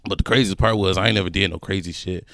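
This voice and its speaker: A man's voice: low voice, rapid-fire, no room sound, clean studio sound. A young man, a podcast co-host, telling a personal story in casual slangy chat with friends, laughing as he goes. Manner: animated, laughs through his story, slangy.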